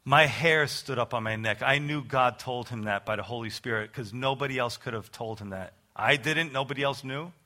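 Bright-voiced New preacher man. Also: mid-range voice, moderate pace, hardly any pauses. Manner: earnest, conversational preaching with emphatic rises. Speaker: pastor. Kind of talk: sermon with personal testimony.

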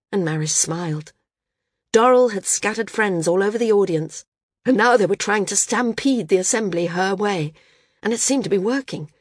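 Woman audiobook narrator, husky tone, dry close sound, measured. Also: medium pitch, no room sound. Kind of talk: scripted narration.

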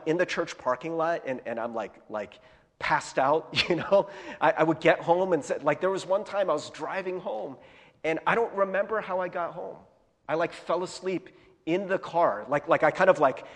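Male pastor, sermon, slightly high voice, candid storytelling, laughing at himself, long church reverb. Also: a bit bright. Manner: candid storytelling with frequent self-deprecating laughs and fillers.

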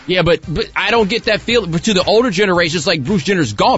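A man's voice: sits high, fast, few pauses, highs cut off, faint music behind. A man delivering a pop culture commentary segment on sports radio, ranting and firing rhetorical questions. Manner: animated rant with rhetorical questions. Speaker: radio show contributor.

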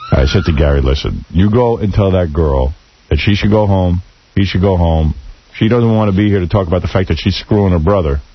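A man's voice: deep voice, a little fast, breathy edge, no room sound. A man hosting a radio show, telling a story in a wry, laughing way and acting out the quotes. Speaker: radio host. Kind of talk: casual radio banter and storytelling. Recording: dull lo-fi radio broadcast.

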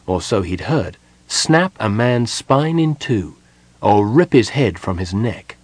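A man reading a story aloud as an audiobook narrator, with measured delivery. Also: on the low side, breathy edge, no echo. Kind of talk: scripted narration.

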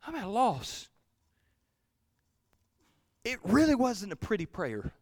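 A male pastor preaching a sermon, swinging from loud pleading to hushed, almost whispered lines. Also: high voice, wildly swooping pitch, takes it slowly, vocal fry, no room sound, clean studio sound.

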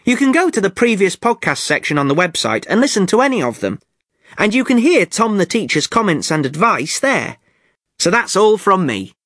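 A man hosting an English-learning podcast, speaking clearly in an amused, teacherly way. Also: sits high, sing-song, normal speed, fairly bright tone, no echo, studio quality. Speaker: podcast host.

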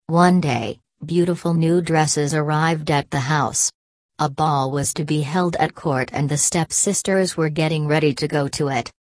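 A woman narrating a fairy tale as a storybook reading, measured and expressive. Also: low voice, no echo.

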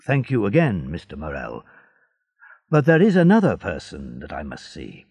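A man voicing a polite, eager young seaman in a slow storybook reading. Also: low-pitched, wildly swooping pitch, darkish tone, husky, no room sound, pitched below the performer's own voice, full character voice. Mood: earnest.

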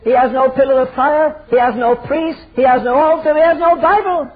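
A man's voice: very high-pitched, moderate pace. An older man preaching a fiery, emphatic sermon full of rhetorical questions. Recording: tinny phone-like sermon recording.

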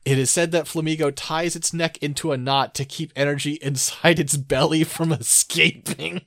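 A man's voice: a little high, fairly even intonation, moderate pace, a bit bright, no room sound. A man co-hosting a podcast in casual chat, dry and sardonic, often reading entries aloud. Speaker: podcast co-host.

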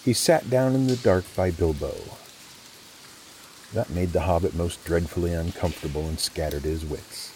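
A man hosting a podcast, reading a script with expressive, playful storytelling. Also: sits low, moderate pace, slight background noise. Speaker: podcast host.

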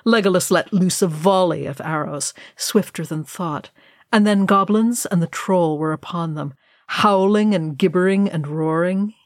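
Slow, measured woman storyteller. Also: lowish voice, no room sound, studio quality. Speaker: audiobook reader. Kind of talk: fan fiction reading.

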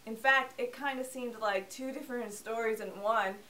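A woman hosts a movie review show with a playful, sarcastic, joking delivery. Her pitch sits a little high, and she sounds set back from the microphone. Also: normal speed, bright, forceful tone, far from the mic, poor audio. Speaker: film review host. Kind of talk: casual scripted movie review.

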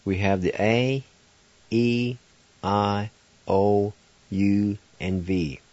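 Slow, patient man teaching on the radio. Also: fairly low pitch, steady tone, a little mellow, no room sound, muffled recording. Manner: patient, spells words out letter by letter. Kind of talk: radio language lesson.

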